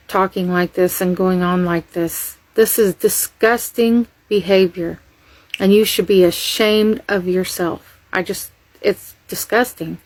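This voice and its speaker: A woman's voice: mid-range voice, no echo, poor audio. A woman scolding people with disgust in a reaction video.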